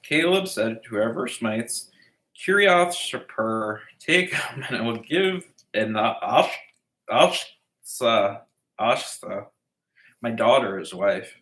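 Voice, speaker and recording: A man reads scripture at an unhurried pace in a bright, forceful voice. He trips over unfamiliar names and keeps breaking off for jokey, irreverent asides. The room around him rings with echo. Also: mid-range voice, expressive. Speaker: bible reading podcaster. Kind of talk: casual comedic bible reading.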